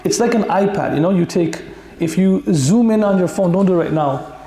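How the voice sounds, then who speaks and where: A man's voice: high voice, expressive, a little fast, mellow. A male Islamic teacher giving a conversational Quran lesson full of stories and jokes for the audience. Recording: echoey room.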